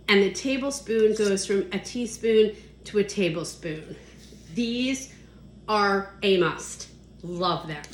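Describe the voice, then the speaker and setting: A woman's voice: medium pitch, roomy sound, a little hiss or hum. A woman hosting a casual vlog, chatting enthusiastically as she shows off kitchen products. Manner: chatty, enthusiastic, counts points off as she goes. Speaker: host demonstrating kitchen products.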